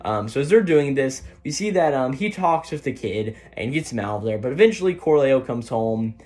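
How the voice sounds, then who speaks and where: A man's voice: mid-range voice, animated, moderate pace, a little mellow. A man giving a casual, rambling recap of a manga chapter, with many fillers, often tagging his sentences with "right?". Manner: rambling, filler-heavy, tags lines with "right?". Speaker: manga reviewer.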